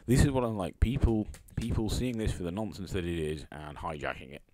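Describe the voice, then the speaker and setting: A man's voice: low voice, brisk, a little mellow, no echo. A man commenting on tweets he reads aloud, sarcastic and scornful, mocking their writers with fake sympathy. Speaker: YouTube commentator.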